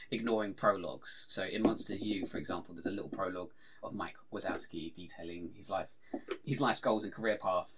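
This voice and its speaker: A man's voice: fairly low pitch, fairly bright tone, a little hiss or hum. A man hosting a casual podcast chat, running the show and restarting his sentences as he talks. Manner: rambling, self-restarting talk. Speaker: podcast host.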